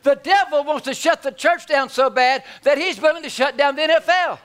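A man preaches in a folksy, animated style. His voice sits fairly high for a man. He swings from loud bursts to hushed asides. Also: brisk. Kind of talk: sermon.

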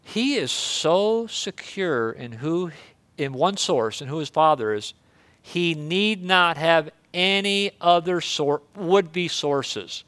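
Bright, clear-voiced male preacher. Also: on the high side, expressive, takes it slowly, dry recording. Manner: conversational, earnest preaching. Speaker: pastor. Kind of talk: sermon.

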